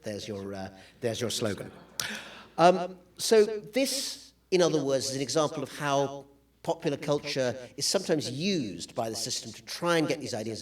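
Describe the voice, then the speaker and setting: A man lecturing to an audience from slides, with a dry, wry sense of humor and plenty of hesitant fillers. His voice sits at an ordinary middle pitch for a man. He sounds set back from the microphone. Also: recorded from a distance. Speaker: guest lecturer.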